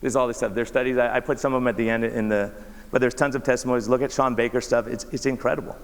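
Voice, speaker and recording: A man's voice: mid-range voice, steady tone, quick pace. A man, a doctor, giving a conversational talk with slides, often asking the audience rhetorical questions. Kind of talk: conference presentation with slides. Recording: reverberant hall.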